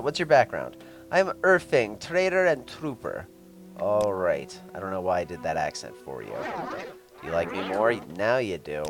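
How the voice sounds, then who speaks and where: A man giving casual gameplay commentary, chatting sarcastically to game characters and swearing freely. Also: low voice. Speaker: let's play gamer.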